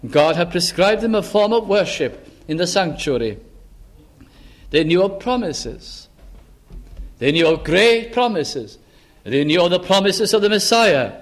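A man preaching a sermon in church, earnest, slowing down and lifting his voice on the words he stresses. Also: high voice, animated. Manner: earnest, slows down and rises for emphasis.

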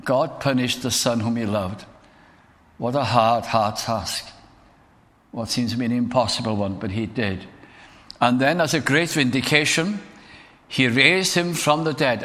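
A man preaches earnestly and builds at times into emphatic declamation. His voice sits at a middling pitch. The sound carries the long reverb of a church hall. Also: sharp tone. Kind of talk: sermon.

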